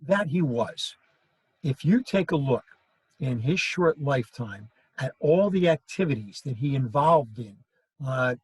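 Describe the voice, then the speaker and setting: A man's voice: medium pitch, breathy edge, no room sound, low-quality recording. A male history teacher giving a classroom lecture, telling stories and acting out quoted lines. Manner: storytelling, acts out quoted lines.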